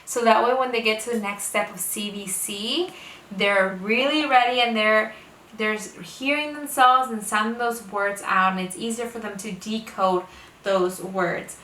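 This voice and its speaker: A homeschooling parent, a woman with a bright, mid-range voice and fairly even intonation, teaches reading to the camera, moving slowly and deliberately while exaggerating phonics sounds. The room is echoey and her voice sits a bit far from the mic.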